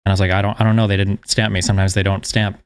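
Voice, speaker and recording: A man's voice: lowish voice, racing, clean tone. A man hosting a casual chat, telling profane stories and acting out both sides of the exchanges. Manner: profane, animated storytelling, acts out both sides. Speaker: host.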